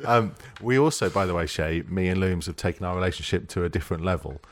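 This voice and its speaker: Man, podcast host, fairly low voice, chatty, teasing, storytelling. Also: fast, slight background noise. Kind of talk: casual chat.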